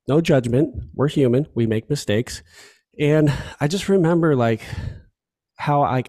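A man's voice: medium pitch, vocal fry, a little mellow. A man from Chicago talking earnestly and from the heart as a podcast guest, often repeating himself. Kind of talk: candid conversation.

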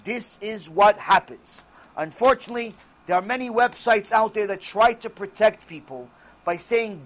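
A man's voice: sits high, moderate pace, a bit bright. A man giving a Torah lecture as a religious teacher, speaking emphatically and answering his own rhetorical questions.

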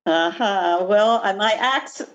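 A woman's voice: medium pitch, takes it slowly, muffled recording. A woman in her sixties with a Midwestern accent, a guest nurse practitioner speaking earnestly in a podcast interview.

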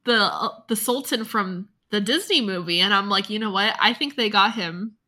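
A woman's voice: medium pitch, moderate pace, pushed and bright. A young woman in casual conversation, thoughtfully asking questions and musing aloud. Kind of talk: casual chat.

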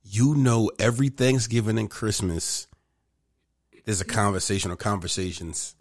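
A man co-hosting a podcast in casual, profane chat, speaking with a slight lisp. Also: fairly low pitch. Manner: profane, animated, quick to joke. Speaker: podcast co-host.

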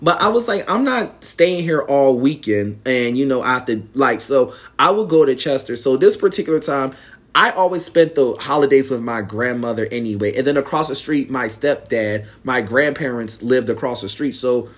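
A man's voice: mid-range voice, moderate pace. A young man casually telling a personal story to viewers, acting out the quoted lines in a raised voice. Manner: animated, acts out quotes in raised voice.

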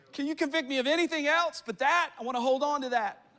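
A middle-aged man, a pastor, preaching a sermon and telling stories with laughs and quick asides. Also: very high-pitched, bright, forceful tone.

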